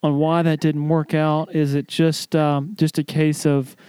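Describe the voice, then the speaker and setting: A man's voice: a little high, little pitch movement, unhurried, a little mellow, smooth, no echo. A man interviewing a guest, asking rambling questions full of fillers and restarts. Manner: hesitant, searching for words with many fillers.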